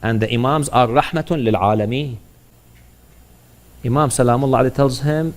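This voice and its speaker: A man's voice: mid-range voice, normal speed, long pauses. A man preaching a sermon, telling stories with animation and putting questions to his audience.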